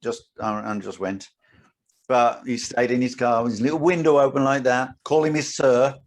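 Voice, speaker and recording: A man's voice: medium pitch, normal speed. A man, a podcast co-host and driving instructor, telling an anecdote in casual chat and acting out his own lines. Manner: animated storyteller, acts out his own lines.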